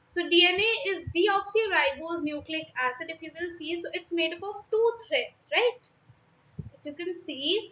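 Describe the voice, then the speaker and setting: High-pitched Indian woman teaching slowly. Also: a bit bright. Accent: Indian English. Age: young adult. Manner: hesitant, many fillers and restarts. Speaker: biology teacher. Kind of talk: online class explaining diagrams. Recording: echoey room, dull lo-fi sound.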